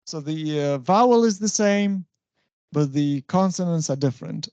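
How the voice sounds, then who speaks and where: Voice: medium pitch, lively intonation, measured pace, dark tone, dry recording, dull audio. A university lecturer teaching an English stylistics class, explaining step by step and often checking that the students follow.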